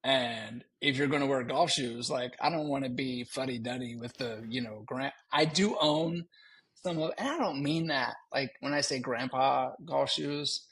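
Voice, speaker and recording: Gravelly, husky-voiced man telling stories. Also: medium pitch, normal speed. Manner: animated, laughing, slips into joking voices. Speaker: podcast co-host. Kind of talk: casual storytelling chat.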